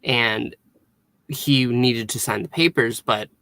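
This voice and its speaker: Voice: medium pitch, slow pace, gravelly, pushed and bright. A co-host summarizing a TV episode's plot in casual chat, with dry asides. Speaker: podcast co-host.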